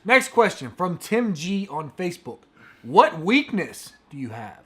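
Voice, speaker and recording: A man's voice: high voice, big pitch swings, unhurried, bright, forceful tone. A young man hosting a casual chat, teasing his co-host and laughing often. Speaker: podcast host.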